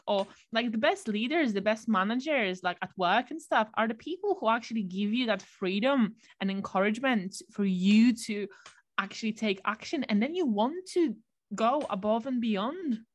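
A woman's voice: medium pitch, moderate pace. A woman with a mid-range voice, reflective and chatty. She speaks casually and fills her sentences with "like" and "you know". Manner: reflective, chatty, many fillers. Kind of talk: casual conversation.

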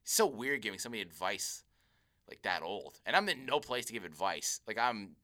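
Bright-voiced young man telling rambling stories. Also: on the low side, a little fast. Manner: rambling animated storytelling, laughs often. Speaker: podcast co-host. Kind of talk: casual chat.

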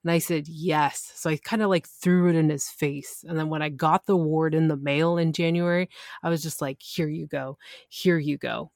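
A woman podcast host telling a personal story in a casual, animated way, full of exclamations. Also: low voice, brisk, no echo, clean studio sound. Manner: animated, excitable retelling.

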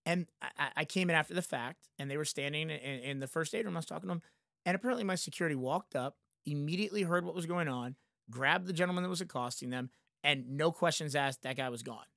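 A man in his thirties talks through a casual podcast chat, rambling and animated, with plenty of filler words. His voice sits a little high for a man. The sound is very dry and close, with no room around it. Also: fast, vocal fry, no echo. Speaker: concert venue manager.

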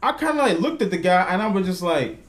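A man's voice: sits high, lively intonation, fast talker. A man co-hosting a podcast, telling a work story in casual, profane chat. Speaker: podcast co-host.

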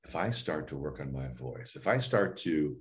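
A man's voice: rumbling low, normal speed. A man working as a voice and speech coach, chatting casually in an online interview and telling stories animatedly, acting out quotes with frequent restarts. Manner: animated storyteller, acts out quotes, many restarts. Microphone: video call.

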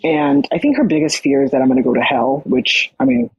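A young adult podcast guest telling a personal story in casual, animated talk full of "like". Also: mid-range voice, fairly quick, creaky, slightly rough, dry recording, lo-fi sound. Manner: animated, many fillers like "like".

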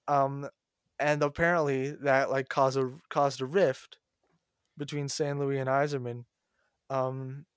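A young man answers quiz questions on a casual podcast in a smooth, clear voice. He rambles and grows animated as he retells stories. The recording is dry and close. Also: on the high side, dry recording. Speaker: quiz contestant, co-host.

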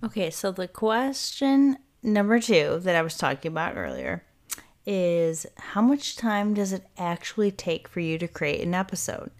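A woman's voice: lowish voice, animated, unhurried. A woman hosting her own podcast, talking casually in a rambling, self-interrupting way and swearing freely. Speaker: podcast host. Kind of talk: casual solo podcast talk.

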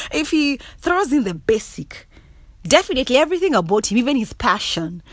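Laughing, animated Kenyan woman vlogging. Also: a little high, normal speed, dry recording. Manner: laughs often, blunt and cussing, animated and emphatic. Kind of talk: casual monologue to camera.

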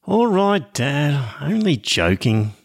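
Woman doing a gruff, mocking young man. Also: deep voice, sing-song, slow, dry recording, studio quality, voice pushed down, full character voice. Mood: placating. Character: scornful blunt grown son, young man.

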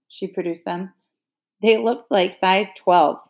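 Woman reading a novel aloud, gravelly. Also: mid-range voice, unhurried. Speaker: audiobook reader.

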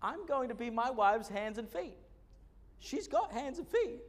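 Animated high-voiced male preacher, echoey hall. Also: unhurried. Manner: animated preaching with humorous asides and many fillers. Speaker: pastor. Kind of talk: sermon.

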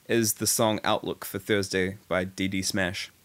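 A man with a New Zealand accent talks in a casual podcast chat, his voice sitting a little low. He speaks with eager, effusive enthusiasm, piling up praise as he goes. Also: steady tone, a little slow, a bit bright. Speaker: podcast co-host.

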